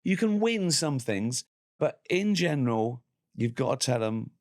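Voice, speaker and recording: A man's voice: very animated, a little slow. A man in his sixties with an English accent, a comedian talking casually as a guest and acting out other people's lines. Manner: acts out other people's lines in quoted voices; bursts into high loud laughter. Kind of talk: casual chat.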